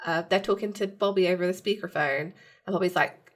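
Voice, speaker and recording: A woman's voice: lowish voice, normal speed, fairly bright tone. A woman co-hosting a podcast, chatting casually as she recaps a TV episode, acting out characters' lines and laughing often. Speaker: podcast co-host.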